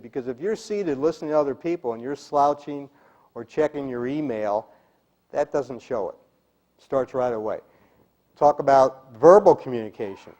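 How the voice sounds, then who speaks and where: A man's voice: medium pitch, darkish tone. A middle-aged man giving a speaking-skills seminar to a live group, emphatic and demonstrative, sometimes dropping to a whisper to make a point. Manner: emphatic, demonstrates delivery, drops to a whisper for effect. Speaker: speaking coach.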